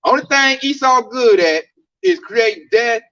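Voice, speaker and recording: A man's voice: extremely high pitch, lively intonation, unhurried, sharp tone, dry recording, lo-fi sound. A man talking casually about religion in a preachy, emphatic way, full of slang.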